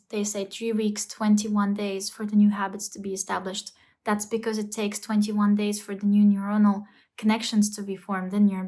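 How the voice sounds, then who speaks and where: Rich: A woman speaks straight to her viewers in an easygoing motivational vlog. Her voice sits at an ordinary middle pitch. She coaches with earnest conviction and keeps asking rhetorical questions to pull the listener along. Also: darkish tone. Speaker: self-help vlogger. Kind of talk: casual motivational talk to camera.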